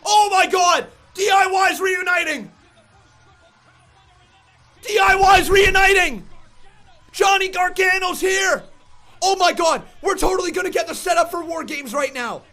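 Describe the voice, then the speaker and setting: A man streaming a live reaction, shouting in frantic, excitable exclamations and shaking with excitement. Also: extremely high pitch, measured pace, long pauses, faint music behind.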